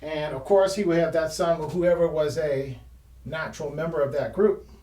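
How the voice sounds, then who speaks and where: Man, fairly high voice, casual rambling talk while painting, studio room echo. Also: fairly even intonation, normal speed, dark tone, distant mic. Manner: rambling, with restarts and trailing phrases. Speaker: artist hosting a painting history show. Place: art studio. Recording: roomy sound from off-mic.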